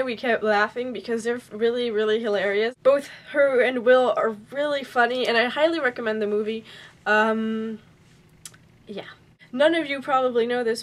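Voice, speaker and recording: A young woman chatting casually to her vlog camera, telling a story in a bubbly, chatty way. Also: a little high. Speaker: vlogger.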